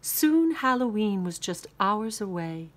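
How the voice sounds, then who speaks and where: A woman narrating a children's picture book aloud in a slow, unhurried manner. Her pitch rises and falls in a lively sing-song, and her tone is bright and clear. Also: slight background noise. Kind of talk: storybook read-aloud.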